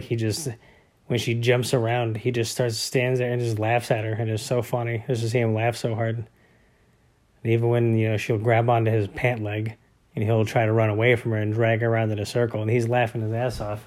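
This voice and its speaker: Man, thirties, low voice, flat delivery, rambling family chat, lots of "you know". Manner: rambling, many fillers and restarts. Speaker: father of young boys. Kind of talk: casual family vlog talk.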